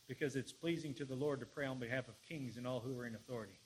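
A man preaching and praying in an earnest sermon, often repeating words as he searches for the next phrase and building to louder passages. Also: medium pitch, very fast, few pauses, husky, low-quality recording. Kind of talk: sermon with prayer.

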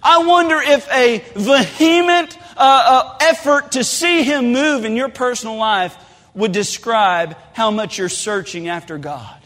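A man preaching a sermon in a church, telling folksy stories with lively asides. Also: very high-pitched, unhurried. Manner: animated storytelling with folksy asides. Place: church sanctuary. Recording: long hall reverb.

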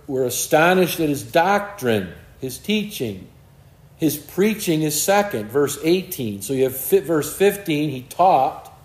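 A man's voice: on the high side, a little mellow, roomy sound. A man preaching a sermon in an earnest way, often repeating words as he searches for the next one.

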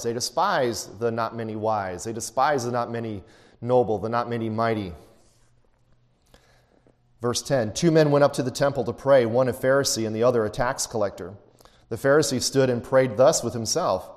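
A man's voice: medium pitch, normal speed, long reverb tail. A man preaching a sermon, reading scripture aloud and explaining it, sometimes acting out the people he quotes. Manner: expository preaching, reads scripture then explains it; acts out quoted voices, snooty for the Pharisee. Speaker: pastor.

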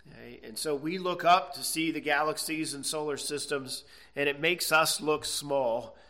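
A man's voice: fairly high pitch, normal speed, bright, forceful tone. A man preaching a sermon, earnest and emphatic, stretching out key words and checking in with "okay?". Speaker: pastor.

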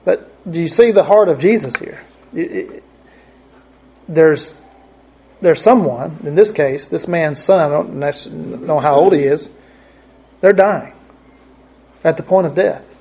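A man's voice: on the high side, a little slow, vocal fry, long pauses, dark tone, slightly rough. A man preaching a conversational Bible teaching, thinking aloud and often repeating his words.

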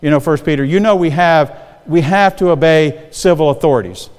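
Older male guest preacher, slightly high voice, chatty sermon style, long church reverb. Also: a little fast, darkish tone, smooth. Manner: conversational, often checking in with the congregation.

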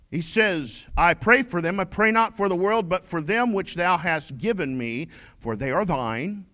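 A male pastor preaching a sermon, stressing his points and reading scripture slowly. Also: high voice. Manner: preaching with rising shouted emphasis and slow scripture reading.

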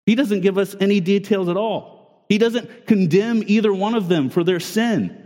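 Preaching in an earnest, conversational style, a pastor aged thirty to forty-something frequently restarts and repeats words. He has a high-pitched, warm voice at a moderate pace, heard through long hall reverb.

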